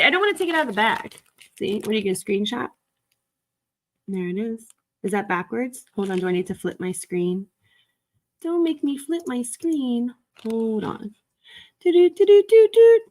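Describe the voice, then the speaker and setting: A somewhat high-pitched woman who chats easily and giggles often. She talks to her live viewers in a relaxed way while sorting resale stock. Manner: chatty and giggly, talking to viewers. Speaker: resale livestream host. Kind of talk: casual live-stream chat while working.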